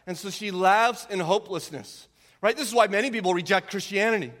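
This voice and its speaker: A middle-aged man preaching a sermon as a pastor, animated and fond of rhetorical tag questions. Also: high-pitched, a little fast. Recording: long hall reverb.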